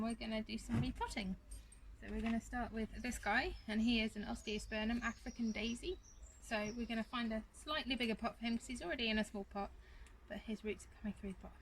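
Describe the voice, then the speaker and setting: A woman's voice: fairly high pitch, pushed and bright. A woman talking casually while repotting plants in a garden, giggling now and then and chatting to her dog between steps. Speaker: gardening vlogger. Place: garden outdoors. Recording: noisy outdoor recording.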